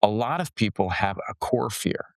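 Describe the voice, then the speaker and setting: Male podcast host, lively up-and-down delivery, chatty storyteller who laughs easily, dry studio mic. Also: on the low side, normal speed, creaky, no echo. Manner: animated storyteller, laughs often, lots of "like". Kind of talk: casual podcast conversation.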